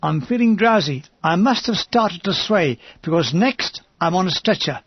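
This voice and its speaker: Male audiobook reader, measured memoir tone, husky voice, dry and slightly dull recording. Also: sits high, animated, no echo. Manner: measured, understated first-person reading.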